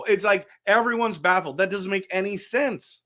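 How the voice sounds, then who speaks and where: Animated, chatty middle-aged man. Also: high-pitched, normal speed. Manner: animated, chatty, addresses viewers directly; frequent repetitions and restarts. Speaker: hockey fan channel host. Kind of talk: casual fan commentary vlog.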